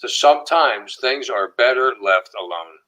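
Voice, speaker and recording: A man's voice: mid-range voice, expressive, normal speed, sharp tone, low-quality recording. A man co-hosting a casual livestream, loose and profane, greeting viewers by name. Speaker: livestream co-host.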